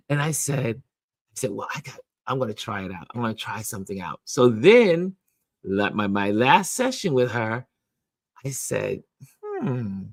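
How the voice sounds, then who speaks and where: Husky, lively-voiced male host telling a story. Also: medium pitch, dry recording. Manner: animated storyteller, acting out both sides of a conversation; chatty, with many restarts and repeated "I said". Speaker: game night host. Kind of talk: casual storytelling to a livestream community.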